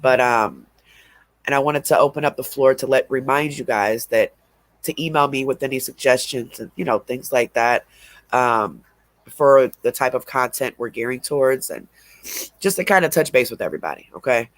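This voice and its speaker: A man's voice: medium pitch, animated, normal speed, fairly bright tone, no echo. Stuffy-nosed man rambling on a livestream. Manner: rambling, drawling, laughs between remarks. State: stuffy and sniffling from allergies. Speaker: livestream host. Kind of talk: casual livestream chat.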